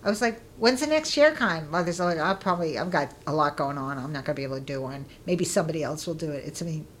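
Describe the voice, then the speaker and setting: A middle-aged woman being interviewed, telling stories in a casual, lively way and acting out what people said with bursts of laughter. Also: deep voice, fast, a little hiss or hum. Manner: lively, acts out quoted voices with laughter. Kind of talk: casual storytelling.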